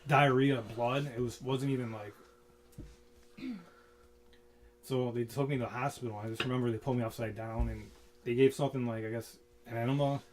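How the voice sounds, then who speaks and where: A man co-hosting a casual radio talk show, telling a story in a relaxed, hesitant way. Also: mid-range voice, normal speed, pauses often, slight background noise. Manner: easygoing storyteller, hesitant with fillers. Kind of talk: casual chat. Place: small home studio.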